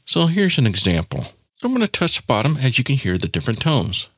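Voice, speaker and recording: A man hosting a casual software tutorial, explaining each step in an informal, demonstrative way. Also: mid-range voice, huge pitch swings, quick pace, breathy edge, no echo, studio quality. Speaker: tech tutorial host.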